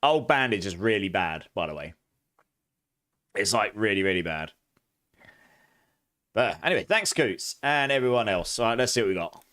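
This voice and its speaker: A man's voice: lowish voice, sing-song, moderate pace, pauses often, fairly bright tone. A young man chatting casually on a game live stream, thanking viewers and exclaiming often.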